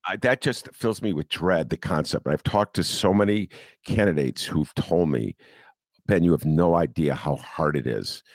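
A man's voice: rumbling low, normal speed, no echo, clean studio sound. A man hosting a podcast, talking in a rambling, self-deprecating way and laughing often. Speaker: podcast host. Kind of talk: casual conversation.

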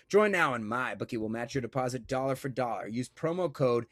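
A man's voice: medium pitch, expressive, a little fast, fairly bright tone, no room sound, studio quality. A man hosting a sports podcast, reading an ad and chatting casually in a joking, rambling way that keeps interrupting itself. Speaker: podcast host.

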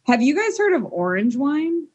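A woman co-hosting a podcast, animated and enthusiastic in casual chat, laughing often. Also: sits high, normal speed. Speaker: podcast co-host. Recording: dull lo-fi recording.

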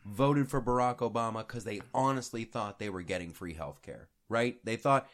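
A man's voice: on the low side, moderate pace, fairly bright tone. A man hosting a casual political talk show, joking and acting out quoted people with bursts of laughter. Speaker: podcast host.

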